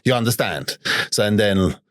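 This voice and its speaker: A man's voice: fairly low pitch, lively intonation, moderate pace, no room sound, studio quality. A man talking earnestly in a casual podcast chat, swearing freely and often checking that he is understood. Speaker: guest in recovery.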